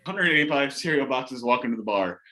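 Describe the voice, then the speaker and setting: A man improv player telling a quick joke in an online match, laid-back. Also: medium pitch, animated, bright, forceful tone.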